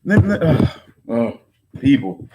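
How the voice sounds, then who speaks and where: A man's voice: very animated, slow pace, background noise. A man in his thirties delivering a heated rant straight to his viewers. He swears, repeats himself and keeps calling them "folks". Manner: agitated, swearing, repeats himself, pitch swings high when angry. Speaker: online content creator. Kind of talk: heated direct-to-camera rant.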